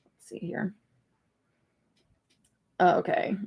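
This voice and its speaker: A woman's voice: slow, muffled recording. A woman hosting a casual livestream and chatting loosely as she reacts to viewer comments, rambling with lots of fillers and the odd swear. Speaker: livestream host.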